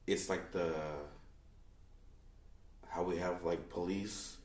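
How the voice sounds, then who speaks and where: A man's voice: low-pitched, little pitch movement, takes it slowly, darkish tone, distant mic. A man talking bluntly and profanely as a guest in a casual podcast chat. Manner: blunt, profane, plain-spoken. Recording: echoey room, away from the mic.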